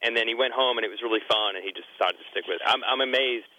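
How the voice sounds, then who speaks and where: A man co-hosting a casual podcast chat, explaining things in a quick, matter-of-fact way. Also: medium pitch, pushed and bright, rough recording. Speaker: podcast co-host.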